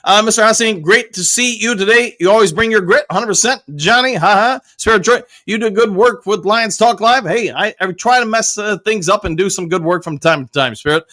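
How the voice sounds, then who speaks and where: A male show host chatting casually on a livestream and reading viewer comments in an upbeat, chatty way, with loud whoops thrown in. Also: sits high, a little fast, hardly any pauses.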